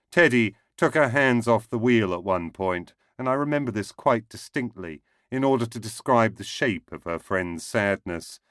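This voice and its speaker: Low-voiced male storyteller. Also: a bit bright, dry recording, clean studio sound. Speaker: narrator. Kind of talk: reading a short story aloud.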